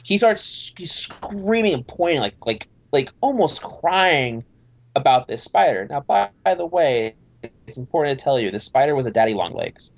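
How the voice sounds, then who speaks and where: A man's voice: fairly high pitch, moderate pace, lo-fi sound. A man on a podcast telling a long childhood story in casual chat, rambling and acting out the voices of people in it. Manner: animated, rambling, acts out voices in his story. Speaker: podcast guest.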